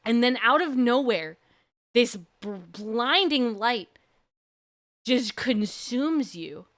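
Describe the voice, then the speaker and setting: A woman streamer casually retelling a long dream story, full of "like" and slow dramatic pauses. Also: on the high side, expressive, fairly bright tone.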